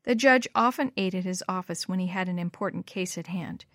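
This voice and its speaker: A woman narrating a storybook aloud in a clear, measured way. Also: fairly low pitch, a bit bright, no echo, studio quality. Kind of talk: storybook reading.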